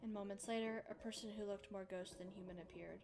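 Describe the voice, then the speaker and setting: A young woman streamer reading a visual novel aloud and breaking off into chatty, animated asides. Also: mid-range voice, fast, gravelly. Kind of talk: narration mixed with casual chat.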